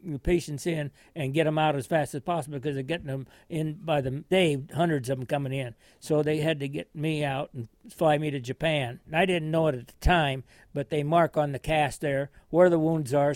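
Chuckling older man, fairly high voice. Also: fairly even intonation, normal speed, hardly any pauses, darkish tone, no room sound. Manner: rambling, chuckling, folksy storyteller. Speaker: war veteran recounting his service. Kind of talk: oral history storytelling.

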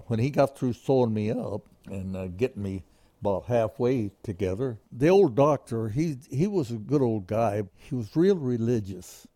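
An older man spins a plain-spoken, folksy yarn from his flying days. His voice is warm and mellow, recorded close and dry with no room sound. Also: mid-range voice, no room sound. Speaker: interviewee, former pilot. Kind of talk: storytelling in an interview.

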